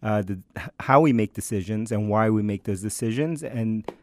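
A man co-hosting a podcast in casual chat, relaxed and teasing, using slang. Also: lowish voice, normal speed, slight background noise. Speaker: podcast co-host.

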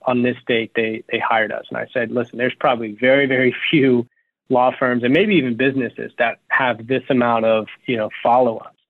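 A man who owns a law firm, talking as a guest in an interview in an energetic, practical way and repeating words while he thinks. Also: medium pitch, normal speed, no room sound. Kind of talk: interview conversation. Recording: tinny phone-like line, dry.

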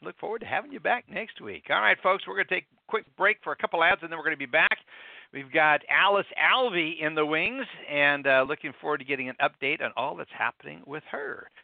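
A man's voice: a little high, a little fast, vocal fry, no echo, narrow, tinny audio. Chatty male radio host. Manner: friendly, chatty, filler-heavy. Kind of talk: casual radio talk.

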